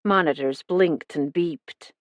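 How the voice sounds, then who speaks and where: A woman narrating a first-person cozy mystery audiobook in an even, measured reading. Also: sits low, no room sound.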